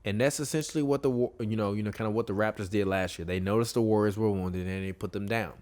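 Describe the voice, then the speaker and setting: A man with a lowish voice talks through sports in a loose, animated way. He trails off and corrects himself as he goes. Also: quick pace. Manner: animated, rambling, frequent self-corrections. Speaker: podcast co-host. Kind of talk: casual sports talk.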